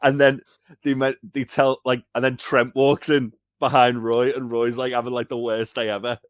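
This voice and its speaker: A man chatting casually as a podcast co-host in a relaxed way, with many fillers. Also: medium pitch, moderate pace, no room sound. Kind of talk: casual review chat.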